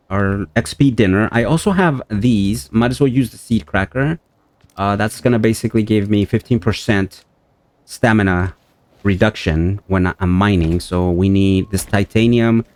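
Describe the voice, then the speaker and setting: A deep-voiced young man chatting his way through a survival game. He talks to his viewers and his in-game horse and breaks into excitable outbursts when enemies show up. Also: moderate pace, no echo. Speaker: gameplay streamer. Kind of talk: casual let's-play commentary.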